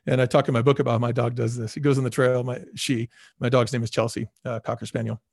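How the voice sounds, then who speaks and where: Fast and creaky, his medium-pitched voice slightly rough, a middle-aged man who once ran a restaurant chain energetically spins stories in a podcast interview. He performs the voices of people he quotes, and the recording is clean studio sound with no room noise.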